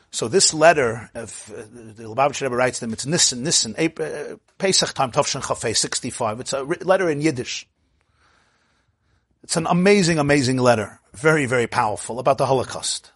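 Husky-voiced man giving a Torah lecture. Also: brisk, no echo, clean studio sound. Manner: storytelling, acts out quoted speech with big swings in pitch and loudness; thinks aloud with restarts and asides. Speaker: rabbi teaching a class.

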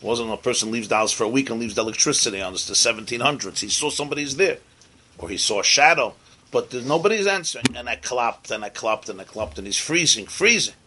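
A man teaching as a rabbi, telling a story in an animated way and dropping Hebrew and Yiddish terms into his sermon. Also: medium pitch, fast talker, slight background noise.

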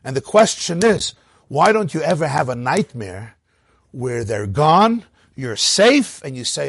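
Animated, husky male Torah teacher. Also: a little slow, dry recording, clean studio sound. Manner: animated, swings between loud emphatic bursts and quiet low asides. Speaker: rabbi teaching a class. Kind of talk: Torah lecture.

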